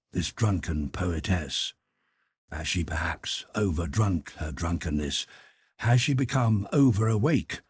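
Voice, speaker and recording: A man giving a dramatic, declamatory audiobook reading, slowing down and sometimes dropping into a whisper. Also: low voice, darkish tone, husky, no room sound. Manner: slow, declamatory delivery with dips into whispers. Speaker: audiobook narrator.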